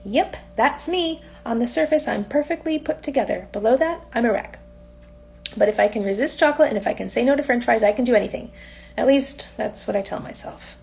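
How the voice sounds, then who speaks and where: A woman's voice: fairly high pitch, fast talker, gravelly, a little mellow. A woman reading aloud from her own novel in a casual, unpolished audiobook style, now and then stumbling and correcting herself.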